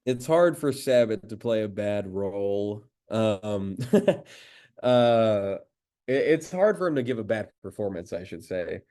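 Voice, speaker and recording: Male voice actor guest, fairly low voice, relaxed and keen, chatting casually about his work. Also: takes it slowly. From United States. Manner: enthusiastic, admiring. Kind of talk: casual interview chat.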